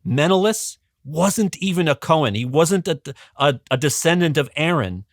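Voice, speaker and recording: A man, a guest educator, telling a history story on a podcast in a casual, animated way, chuckling often and restarting his sentences. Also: on the high side, moderate pace, no room sound, clean studio sound.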